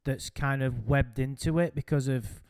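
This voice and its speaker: A man's voice: medium pitch, moderate pace, a little mellow, clear, resonant tone, dry recording, clean studio sound. A man hosting a casual chat, rambling and hesitant with frequent ums. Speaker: podcast host.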